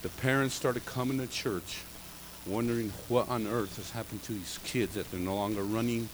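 A man's voice: lowish voice, fairly even intonation, normal speed, noisy background. A middle-aged man preaching a sermon in a church, spinning humorous, rambling anecdotes between points. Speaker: pastor. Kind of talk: storytelling sermon. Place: church sanctuary.

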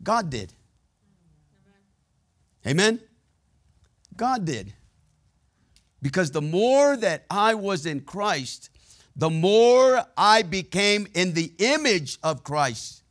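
A preacher with a somewhat high voice delivers a conversational sermon, trading quick asides with his congregation. He tells his own stories candidly and plainly, keeping the tone personal rather than formal. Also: sing-song, fairly bright tone.

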